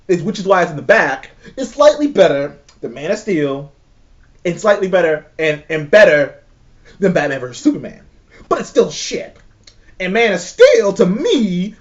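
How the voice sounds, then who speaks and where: A show co-host ranking movies rants in a high, lively male voice during a casual chat, cursing freely and sounding exasperated. He hammers his points with heavy emphasis and big pitch swings, on a slightly dull, lo-fi recording.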